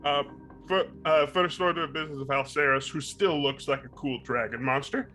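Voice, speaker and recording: A man's voice: fairly high pitch, moderate pace, pushed and bright, faint music behind. A man playing a tabletop game, making wry remarks and short asides while he casts healing spells. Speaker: player. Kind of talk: casual tabletop play.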